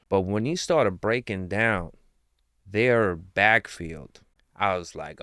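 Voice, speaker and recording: Excited man rambling about his team. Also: on the low side, slow, smooth, no room sound, clean studio sound. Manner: excited, rambling fan talk with slang. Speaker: sports commentator. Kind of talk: casual fan commentary.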